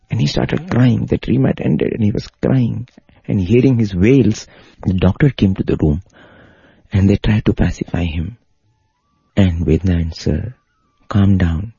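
A man's voice: lowish voice, moderate pace, creaky, mellow, breathy edge, no echo. A man narrating a devotional story in an earnest manner, heard through a dull, lo-fi recording. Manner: earnest, rising to emotional intensity in retold pleas.

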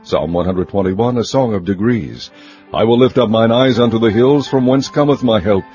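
A man reading scripture aloud in a measured, even, solemn recitation. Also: lowish voice, soft background music. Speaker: scripture reader. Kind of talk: steady scripted Bible reading. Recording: muffled lo-fi recording.

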